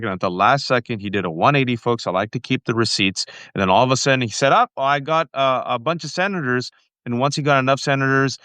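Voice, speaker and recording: Forceful male host with a dry sound. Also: mid-range voice, clean tone, no echo. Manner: forceful, rapid, opinionated. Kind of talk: political commentary.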